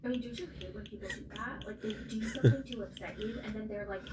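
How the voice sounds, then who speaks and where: A woman's voice: mid-range voice, fairly even intonation, fast talker, hardly any pauses. A woman casually recapping a reality show, chatty and opinionated, acting out the cast's lines in put-on voices. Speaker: recap vlogger. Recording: echoey room, distant mic, audible noise.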